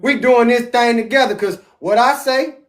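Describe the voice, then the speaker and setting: A man with a very high voice leads a scripture lesson from his home. He preaches with emphasis and reads the verses aloud. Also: normal speed. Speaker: religious teacher. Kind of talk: scripture teaching on a live stream.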